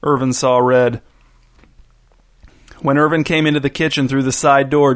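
A man reading a story aloud in a steady, even narrating voice. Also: medium pitch, normal speed, pauses often.

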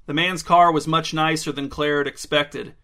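A man narrating a story in a dry, deadpan way. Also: a little high, normal speed.

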